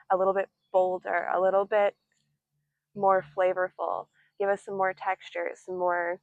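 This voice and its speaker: A woman's voice: medium pitch, no echo, lo-fi sound. A young woman giving a casual tarot reading, chatty and playful, with many fillers and giggles. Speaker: tarot reader.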